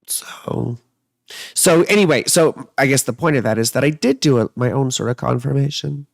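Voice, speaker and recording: Speaking at medium pitch and a moderate pace with vocal fry, this man is recorded with no echo. As an astrologer and tarot reader on a casual livestream, he answers viewer comments in a meandering, playful style that mixes humor with reflection.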